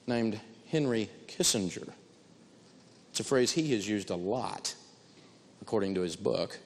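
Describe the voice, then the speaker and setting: A man giving an animated talk on negotiating, telling personal stories and repeating key phrases for emphasis. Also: fairly low pitch, big-room sound. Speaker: financial speaker teaching negotiation.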